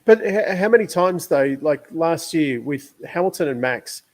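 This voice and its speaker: A man's voice: on the high side, lively intonation, unhurried. A man co-hosting a casual motorsport podcast, chiming in with short, wry asides. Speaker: podcast co-host. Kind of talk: casual chat.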